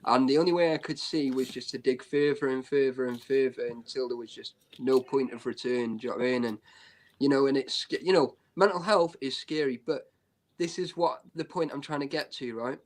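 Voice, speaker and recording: A man's voice: medium pitch, steady tone, a little fast. A man talking bluntly and openly in a casual live-stream chat, full of "you know" and "right".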